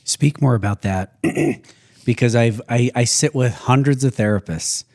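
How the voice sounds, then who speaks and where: A man hosting a podcast interview, asking measured, thoughtful questions. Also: mid-range voice, a little mellow. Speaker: podcast host.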